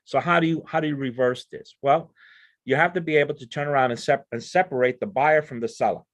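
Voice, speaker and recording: A man's voice: mid-range voice, quick pace. A man speaking on a discussion panel, explaining his ideas in an earnest way and often repeating words as he builds each point. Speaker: panel speaker on crime prevention.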